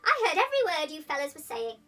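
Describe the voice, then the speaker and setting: A sleepy little storybook dormouse, grumbling slowly and impatiently in a high, bright squeak, as a woman reads him out. Faint music plays behind, and the voice sits a little away from the mic. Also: sing-song, distant mic.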